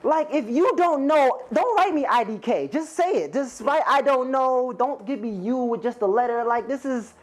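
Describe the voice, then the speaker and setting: Onstage before a live audience, a man performs stand-up, rambling and swearing as he talks directly to the crowd in a conversational way. His voice is very high with lively intonation, moving at a normal pace with few pauses.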